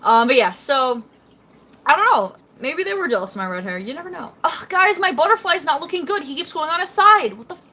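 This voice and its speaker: A woman's voice: high voice, lively intonation, brisk, pushed and bright. A young woman chatting casually on a live stream, rambling and reading out chat comments beside her fish tank at home. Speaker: fish-keeping livestreamer.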